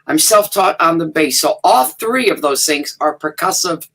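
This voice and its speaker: A woman's voice: low-pitched, lively intonation, moderate pace, fairly bright tone, slightly rough. An older woman, a guest musician, chatting in an interview over a video call in a chatty, emphatic way with laughs. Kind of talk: casual interview chat.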